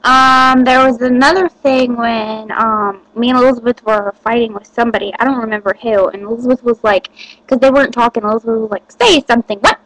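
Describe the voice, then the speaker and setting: A woman's voice: on the high side, steady tone, a little fast, a bit bright, dry recording, rough recording. A teenage girl chatting to the camera, giggly and rambling with lots of fillers. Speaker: vlogger. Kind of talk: casual chat to camera.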